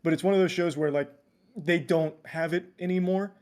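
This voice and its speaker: A man's voice: a little high, steady tone, moderate pace, darkish tone. A man streamer on a call, chatting casually and giving blunt, joking opinions. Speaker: guest streamer. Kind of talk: casual chat.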